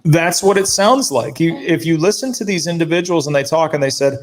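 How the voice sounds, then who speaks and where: A man's voice: a little high, fairly quick, few pauses. A man co-hosting a talk show, talking heatedly and indignantly, mimicking newscasters and swearing now and then. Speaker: co-host.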